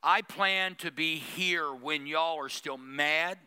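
A male pastor delivers a sermon to his church, teasing the crowd with humor. His voice is bright and crisp, sitting a little high for a man. He keeps it lively and pointed. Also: slow. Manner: preachy, humorous, acts out mocking prayers.

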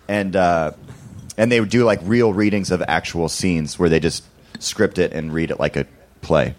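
A man's voice: low voice, fairly even intonation, moderate pace. A man guesting on a live comedy podcast, rambling and self-deprecating and laughing easily. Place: comedy club stage.

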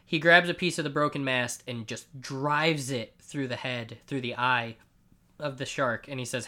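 Bright-voiced man retelling a comic. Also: mid-range voice. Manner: animated, does quick character voices while retelling. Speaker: podcast co-host. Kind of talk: casual comic book discussion.

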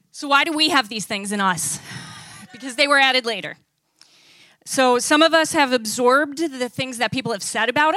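A woman's voice: a little high, sharp tone, no echo. A woman preaching a sermon in a conversational way, often asking the audience questions.

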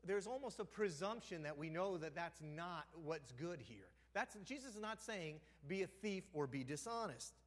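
High, lively preacher in a reverberant church. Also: male voice, moderate pace, hardly any pauses. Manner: animated storytelling, acting out the characters' lines; drops to a hushed, almost whispered voice for effect. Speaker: pastor. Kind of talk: sermon. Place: church sanctuary.

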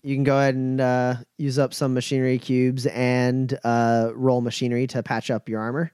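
A man's voice: mid-range voice, completely flat delivery, normal speed, a little mellow, smooth, no echo, clean studio sound. Man running a tabletop game. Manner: loose, filler-heavy narration. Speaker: game master.

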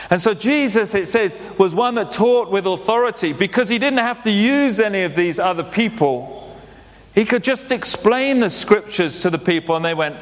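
Male preacher, plain-spoken and repetitive, high-ish voice, reverberant church hall. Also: expressive, moderate pace. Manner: plain-spoken, repeats phrases for emphasis. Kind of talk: sermon.

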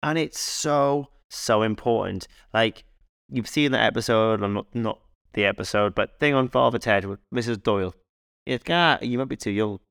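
A male fitness coach co-hosting a casual podcast, chatting in an animated, rambling way full of anecdotes and restarts. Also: lowish voice, normal speed, vocal fry, clean tone, no echo, studio quality.

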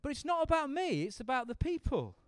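A man teaching a Bible seminar, animated and acting out the speakers in the story. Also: extremely high pitch, fairly quick, no echo. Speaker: preacher leading a seminar. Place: seminar room with an audience.

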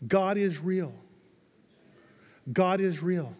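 A male pastor delivers an emphatic sermon with a fairly high-pitched voice. He drops to hushed lines and rises to loud, driving ones. The sound carries the long reverb of a large church hall. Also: animated, very slow.

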